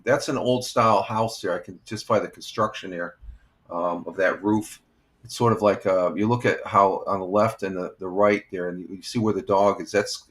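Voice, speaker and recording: A retired firefighter in his sixties, with a fairly low-pitched voice, hosts a casual morning live stream. He chats with viewers in a rambling, easygoing way, full of fillers.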